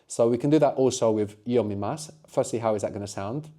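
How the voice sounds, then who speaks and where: A middle-aged man leads a spoken language lesson in a warm, mellow voice at an even middle pitch. He explains at length and keeps checking in with quick tag questions. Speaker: language teacher.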